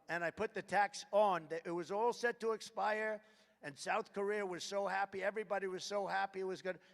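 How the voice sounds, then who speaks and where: Older man, high-pitched voice, rambling rally speech, long hall echo. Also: gravelly, fairly bright tone. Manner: rambling, repetitive, sarcastic asides. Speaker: political speaker at a rally. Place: large hangar rally venue. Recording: echoey hall from a distance.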